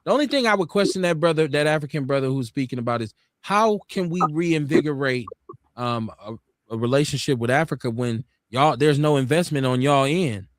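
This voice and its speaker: An earnest male host with a slightly high voice, recorded dry and close with no room sound. He argues steadily and circles back to repeat his point. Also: animated, brisk, no room sound. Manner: earnest, argumentative, repeats himself to make a point. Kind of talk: live talk show discussion.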